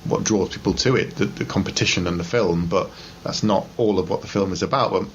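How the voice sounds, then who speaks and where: A man co-hosting a casual film review chat, talkative and quick to draw comparisons. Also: low-pitched, highs cut off, a little hiss or hum. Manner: chatty, drawing comparisons, laughs easily. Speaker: film review podcast co-host.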